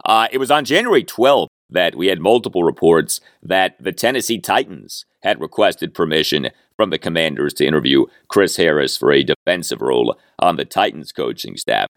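A man's voice: low voice, no echo, clean studio sound. A man hosting a solo sports podcast, laying out detailed stats and analysis, often starting sentences with "uh". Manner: detailed, stat-heavy analysis with frequent "uh" openers. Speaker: podcast host.

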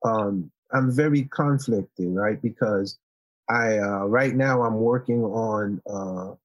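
A man from Haiti, a guest in a casual interview, telling stories in a relaxed, playful way and laughing often. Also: fairly low pitch, takes it slowly, no room sound, highs cut off.

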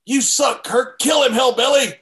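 A man's voice: very high voice, normal speed, a bit bright, voice pushed up. A man putting on the voice of a rowdy male wrestling fan who heckles from the crowd. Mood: jeering. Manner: heckling, taunting chants.

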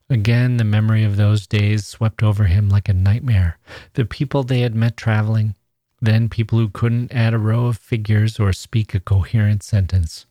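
A man, a podcast host, reading a classic short story aloud in a measured, even way. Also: fairly low pitch, no echo, clean studio sound.

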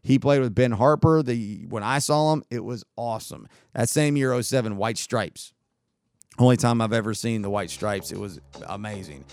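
A podcast host with a voice on the low side speaks at normal speed in a dry recording. He casually rambles through a long festival tale, bringing it to life by acting out quoted dialogue.

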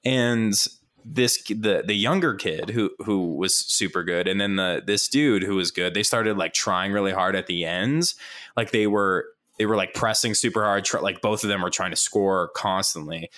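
A young man telling a long story in casual chat, full of "like" fillers, laughing often and jumping up in pitch to mimic people. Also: moderate pace. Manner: animated, mimics others in higher voice.

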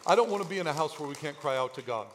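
A man pastor preaching a sermon in a church, swinging from quiet asides to shouted lines. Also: fairly high pitch, lively intonation, racing, slight background noise.

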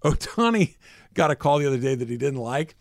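A man hosting a sports radio show, telling animated stories in casual talk from the studio. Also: medium pitch, a little fast, vocal fry, no echo. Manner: animated storyteller, swings up and down in loudness.

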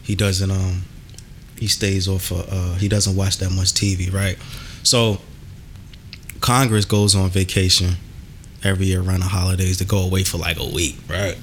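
A man's voice: sits low, little pitch movement, normal speed, slight background noise. A man hosting a podcast in casual chat, ranting animatedly and cursing a lot. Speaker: podcast host.

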